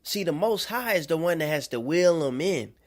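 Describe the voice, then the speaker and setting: A man's voice: a little high, animated, moderate pace. Man preaching in a loose talky way. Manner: conversational, checks in with listeners. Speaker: self-made preacher. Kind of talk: informal preaching monologue.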